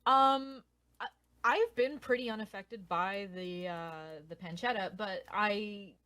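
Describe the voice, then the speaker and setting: A young woman co-hosting a podcast, chatting casually with quick reactions and frequent laughter. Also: mid-range voice, pushed and bright, dry recording. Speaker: podcast co-host. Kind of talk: casual chat.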